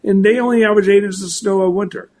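A man's voice: sits high, quick pace, slight background noise. A man in his sixties, a meteorologist, talking casually with many restarts and repeats. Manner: animated, full of restarts and repeats. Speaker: meteorologist guest. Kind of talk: casual talk show chat.

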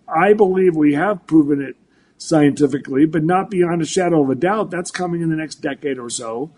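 A man's voice: a little high, normal speed. A man in his sixties, a meteorologist, talking casually with many restarts and repeats. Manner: animated, full of restarts and repeats. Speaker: meteorologist guest. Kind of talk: casual talk show chat.

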